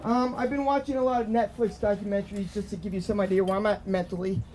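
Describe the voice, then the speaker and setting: Stand-up comic, man, high voice, sardonic, loud laughing crowd and club noise. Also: steady tone, fast talker. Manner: brash, sardonic, mock-earnest. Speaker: stand-up comedian. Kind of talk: stand-up comedy set. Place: comedy club stage.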